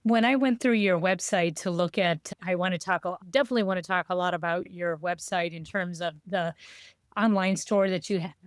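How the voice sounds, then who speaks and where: A woman's voice: lowish voice, a little fast, dry recording, studio quality. A middle-aged woman hosting a podcast, asking questions curiously with small restarts. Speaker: podcast host. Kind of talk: casual interview chat.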